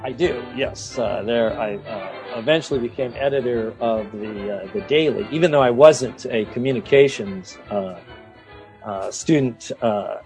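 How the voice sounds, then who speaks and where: A man's voice: mid-range voice, measured pace, darkish tone, faint music behind. A middle-aged man from the Seattle area, a former TV host, telling stories as an interview guest with many restarts and acted-out voices. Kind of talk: casual anecdotal storytelling.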